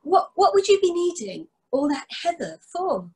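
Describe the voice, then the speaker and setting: A woman voicing Archie, an excited, curious young male farmhand in a storytelling performance. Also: very high voice, moderate pace, pitched above the performer's own voice, full character voice. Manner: excited, wide-eyed questioning.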